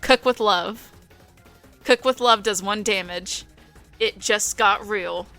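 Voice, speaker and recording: A young woman streams a dating game, her voice stuffy and nasal from a cold. Her tone is bright and sharp as she reads the story text, and she breaks in with teasing laughs and wry remarks. Faint game music plays behind her. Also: medium pitch, takes it slowly. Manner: playful, laughing, mocking asides. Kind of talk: reading game text aloud with reactions.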